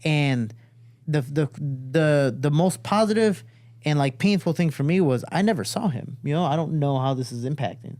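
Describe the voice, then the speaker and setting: A man's voice: fairly high pitch, lively intonation, moderate pace, darkish tone, no room sound. A man hosting a podcast, telling a story casually with plenty of swearing and acting out the voices of the people in it. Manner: profane, acts out quoted voices. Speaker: podcast host and fighter. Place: studio.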